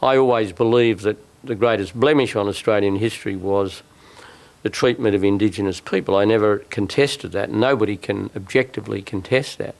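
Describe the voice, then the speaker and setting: Older man, measured and insistent. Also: on the low side, steady tone, gravelly. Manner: measured, insistent, repeats words. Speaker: former national leader interviewed. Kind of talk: documentary interview.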